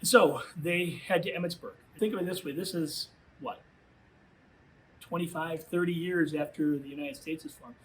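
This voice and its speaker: A man giving a youth minister's storytelling talk to high school students, conversational and full of filler phrases. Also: moderate pace, fairly bright tone, poor audio.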